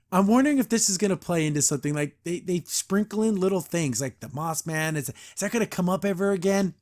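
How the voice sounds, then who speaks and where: A high-voiced man hosts a casual cartoon review podcast. He laughs a lot and jumps into quick impressions of the characters as he retells the story. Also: expressive. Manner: laughs often, acts out character quotes. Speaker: podcast host. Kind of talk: casual episode review commentary.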